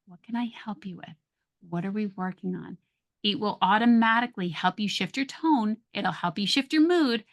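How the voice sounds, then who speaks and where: A woman speaks in a steady mid-range voice, giving parenting advice in a relaxed conversational way. She acts out sharp and soft ways of speaking to show the difference. It sounds like an unscripted podcast chat. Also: mid-range voice. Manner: calm, coaching, acts out soft and sharp tones. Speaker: guest, parenting communication coach.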